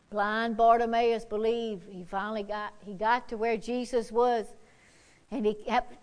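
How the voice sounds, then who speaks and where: Woman pastor preaching a sermon, high voice, slow and drawn out, shouts then goes hushed. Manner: fervent preaching, swinging from shouts to hushed prayer.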